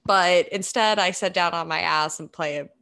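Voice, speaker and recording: A woman's voice: on the low side, normal speed, creaky, sharp tone, clear, resonant tone. A woman co-hosting a podcast in casual chat, rambling and laughing often. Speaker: podcast co-host.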